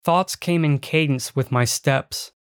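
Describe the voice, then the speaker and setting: A man giving measured, reflective first-person audiobook narration. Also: on the high side, clean tone, no room sound, studio quality.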